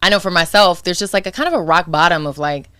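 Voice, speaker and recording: A woman co-hosting a podcast, animated and playful, acting out quoted thoughts. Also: on the low side, fast talker, clean tone, no room sound. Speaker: podcast co-host. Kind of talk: candid podcast conversation.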